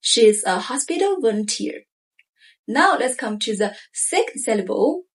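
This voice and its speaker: A woman, a teacher giving a clear, deliberate language lesson with repeated example phrases. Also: a little high, sing-song. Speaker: Chinese teacher.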